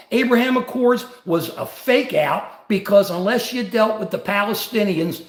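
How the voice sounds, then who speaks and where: A man's voice: sits high, normal speed, hardly any pauses, roomy sound. An older man and grandfather, host of a livestream, giving rambling, combative political commentary.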